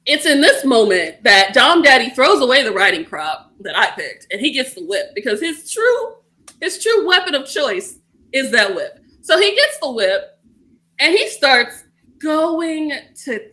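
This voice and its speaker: A woman's voice: high-pitched, bright, forceful tone. A young woman chatting casually, animatedly retelling a story with swearing and acted-out quotes. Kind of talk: casual chat.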